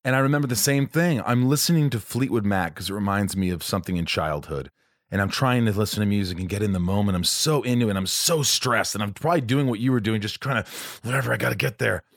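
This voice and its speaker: Speaking fast in a lowish voice, an actor co-hosting a podcast chats about a story, mimicking the people he quotes. The recording is dry and studio quality.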